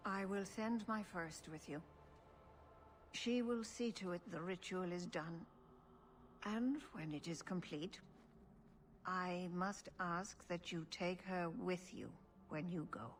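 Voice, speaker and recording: An actress voicing a wise, calm elf clan elder in a video game, speaking in a measured, formal way. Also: female voice, on the low side, faint music behind. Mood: solemn.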